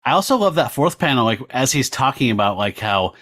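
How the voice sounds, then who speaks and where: A man hosting a casual comics podcast, lively, who acts out the dialogue as he reads it. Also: mid-range voice, fairly quick. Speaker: podcast host.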